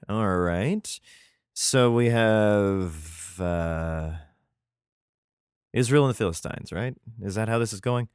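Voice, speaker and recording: A man's voice: on the low side, animated, slow pace, long pauses, clean tone, no room sound, clean studio sound. Irreverent man reading scripture aloud. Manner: irreverent, swears between verses.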